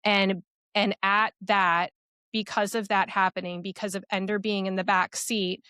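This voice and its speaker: A young woman recounting a personal story as a podcast guest, earnest and quick, with many fillers. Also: mid-range voice, level tone, bright, forceful tone, smooth, no echo, clean studio sound.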